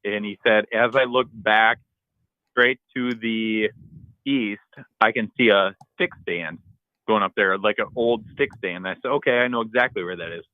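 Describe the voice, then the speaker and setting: Man, podcast co-host, casual animated storyteller, dry and slightly dull audio. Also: on the low side, moderate pace, dry recording. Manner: animated storyteller, acts out his own shouts and texts.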